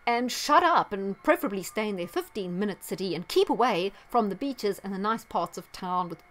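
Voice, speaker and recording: A woman's voice: medium pitch, slight background noise. A woman giving a sarcastic, indignant commentary on her vlog, with emphatic outbursts. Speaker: astrology vlogger.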